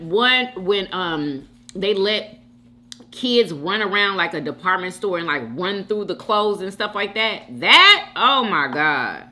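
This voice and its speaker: A woman hosting a mukbang video, chatting casually with viewers and reacting to comments with frequent laughter. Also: on the low side. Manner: animated, chatty, laughs often, talks straight to viewers. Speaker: mukbang host.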